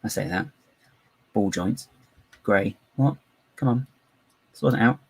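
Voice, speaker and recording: A man's voice: medium pitch, slow, vocal fry, slightly rough, no room sound, low-quality recording. A man chatting live while building, rambling, giggly and self-mocking. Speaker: live-streaming LEGO builder.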